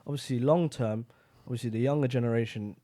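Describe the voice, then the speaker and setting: A young man co-hosting a casual podcast, speaking haltingly and searching for words. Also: medium pitch, warm tone, no room sound. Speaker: podcast co-host. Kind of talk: casual chat.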